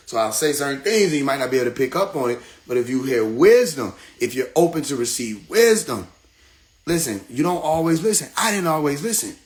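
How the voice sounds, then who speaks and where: A man's voice: medium pitch, a little fast. A middle-aged man talking casually on a livestream, telling stories with playful voices and laughter. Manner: animated storytelling with playful mimicry and laughter. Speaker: livestream host.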